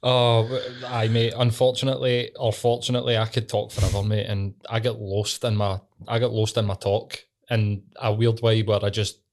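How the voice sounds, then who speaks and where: A man's voice: fairly low pitch, flat delivery, normal speed, hardly any pauses. A man with a Scottish accent co-hosting a podcast, easygoing and sweary, calling his pal "mate.". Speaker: podcast co-host. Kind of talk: casual chat.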